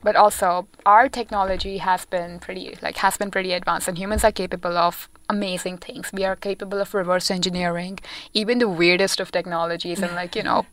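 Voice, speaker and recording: A woman's voice: lowish voice, level tone, fairly quick, a bit bright, no echo. A young woman co-hosting a podcast, explaining a science story in a casual, explanatory way with hesitations. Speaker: co-host presenting a science segment.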